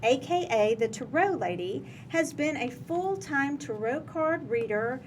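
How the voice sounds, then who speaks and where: Here is a woman with an East Texas drawl who hosts a talk podcast and brings guests on in a chatty, lightly self-mocking way. Her voice sits a little high. Steady noise hums behind her the whole time. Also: measured pace. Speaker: co-host. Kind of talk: casual podcast introduction.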